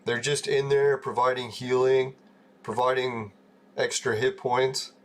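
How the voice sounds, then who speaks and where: A man's voice: mid-range voice, level tone, a little slow. Laid-back man chatting on a game stream. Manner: laid-back, chuckling, swears casually. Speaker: live-stream host. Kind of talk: casual live-stream chat while gaming.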